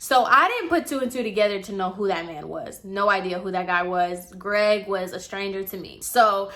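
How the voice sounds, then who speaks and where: Young woman vlogger, bright tone, chatty storytime delivery, full of fillers. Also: mid-range voice, moderate pace. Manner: chatty, filler-heavy retelling. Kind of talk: casual storytime.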